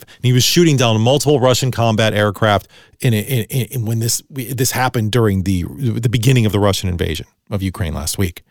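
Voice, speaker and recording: A man's voice: medium pitch, dry recording, clean studio sound. A middle-aged man hosting a solo podcast, talking bluntly and ranting with lots of swearing. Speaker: podcast host.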